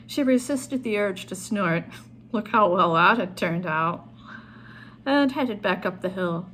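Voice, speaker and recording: A woman author reading her own short story aloud in a calm storytelling manner. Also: a little high, normal speed, a little hiss or hum.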